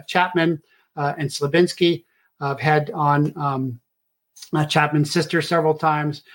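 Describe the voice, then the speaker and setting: A middle-aged man hosting his own show, talking in a rambling monologue full of filler "uh"s. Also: on the high side. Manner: rambling with many filler uhs. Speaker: show host. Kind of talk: casual monologue.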